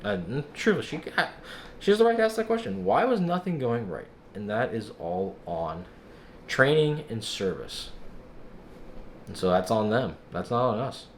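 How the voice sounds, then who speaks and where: A young man casually vlogging, recounting a frustrating experience in an exasperated, animated way and acting out other people's lines. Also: mid-range voice, normal speed, a little hiss or hum. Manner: exasperated, animated storytelling with quoted dialogue. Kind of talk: casual vlog recap.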